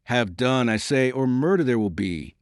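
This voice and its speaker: A man doing a proud, impassioned gentleman. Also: mid-range voice, lively intonation, moderate pace, clear, resonant tone, no room sound, clean studio sound, voice pushed up, lightly acted. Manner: impassioned and pleading. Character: proud, passionate English gentleman.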